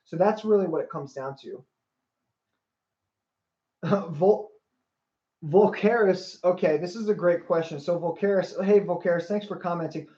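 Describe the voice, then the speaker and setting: A man's voice: high-pitched, measured pace, long pauses, warm tone. A man giving a motivational livestream talk as a life coach, earnest, repeating phrases and greeting viewers by name. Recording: roomy, slightly dull livestream audio.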